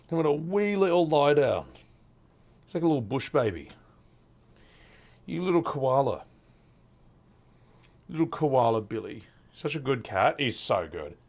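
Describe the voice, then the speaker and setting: A man's voice: medium pitch, gravelly. A young adult man, chatting casually to his stream audience and cooing at his cat. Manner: affectionate baby talk to his cat. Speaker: game streamer.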